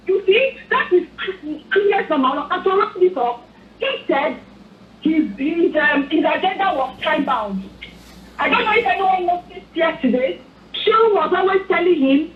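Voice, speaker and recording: High-pitched Nigerian woman on phone. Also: expressive, unhurried, slight background noise. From Edo State, Nigeria. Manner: angry, pleading, repetitive. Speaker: phone-in caller. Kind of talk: impassioned political commentary. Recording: echoey tinny phone line.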